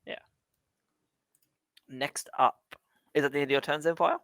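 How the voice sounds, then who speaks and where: A man's voice: a little high, fairly even intonation, a little slow, bright, forceful tone, dry recording. Give me a laid-back, joking man as dungeon master, recorded dry. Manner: laughing, loose and joking. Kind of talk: narrating a tabletop game.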